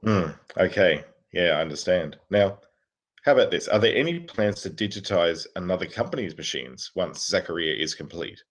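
A man's voice: low-pitched, lively intonation, moderate pace. A man co-hosting a podcast, reading listener questions in an easygoing, amused way. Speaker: podcast co-host.

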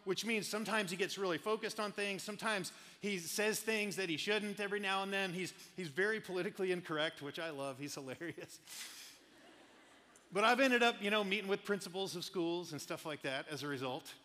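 Middle-aged male pastor, high bright voice, animated storyteller, big hall reverb. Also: brisk. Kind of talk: sermon.

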